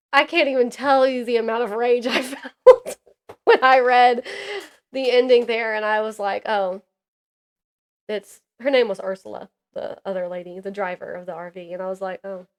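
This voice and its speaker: A woman co-hosting a casual book podcast, animated and laughing often as she rants about a book. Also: a little high. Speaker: podcast co-host.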